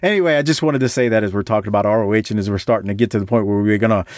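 A man hosting a podcast, talking casually in an animated, rambling way with lots of restarts. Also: lowish voice, rapid-fire, no room sound, clean studio sound. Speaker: podcast host. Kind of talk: casual chat.

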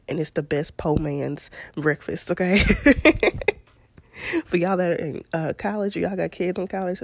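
Chatty woman with a low, gravelly voice. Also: no echo. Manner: chatty, laughs often, Southern-style "y'all". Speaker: podcast host. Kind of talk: casual storytelling monologue.

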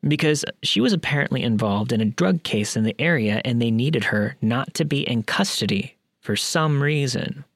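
A man's voice: mid-range voice, expressive, normal speed, few pauses, husky, dry recording, clean studio sound. A man narrating a true creepy story in a wry, blunt way with casual swearing.

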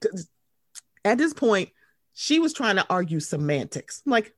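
A woman co-hosting a podcast, chatting emphatically and swearing freely, jumping up in pitch when she quotes people. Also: measured pace, long pauses, no echo, studio quality. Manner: animated, emphatic, profane, swoops up when quoting. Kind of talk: casual chat.

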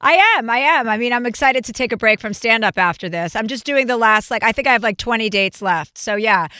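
A woman hosting a podcast in casual chat, blunt and profane, talking fast and freely. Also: on the high side, lively intonation, pushed and bright, clear, resonant tone, no room sound, studio quality. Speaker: podcast host.

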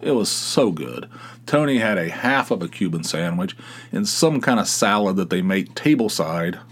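Rambling low-voiced man telling a story. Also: normal speed. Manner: rambling, animated, sarcastic, many restarts. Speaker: podcast host. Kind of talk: casual storytelling monologue.

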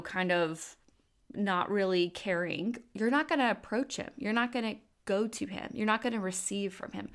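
A woman in her thirties hosting a faith podcast, talking candidly and casually into a microphone with plenty of fillers. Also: medium pitch. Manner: warm, candid storytelling with fillers. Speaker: podcast host. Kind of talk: faith-based podcast talk.

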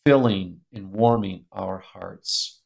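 An older man with a lowish, slow voice and vocal fry is a guest in an interview. He animatedly tells a personal family story, often laughing and reading old letters aloud.

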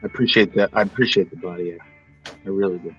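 A man on a live podcast stream, trading deadpan jokes with the host in casual chat. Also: deep voice, fast, lo-fi sound, loud music behind the voice. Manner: deadpan, joking. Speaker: guest on the livestream.

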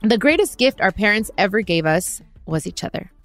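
A woman's voice: medium pitch, animated, fairly quick, fairly bright tone, faint music behind. Chatty laughing woman podcast host. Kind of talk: casual chat.

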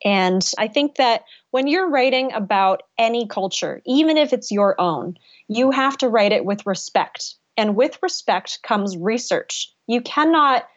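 A woman's voice: fairly high pitch, animated, unhurried, dull audio. A woman author answering interview questions in a casual, enthusiastic way, laughing often. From United States. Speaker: author guest.

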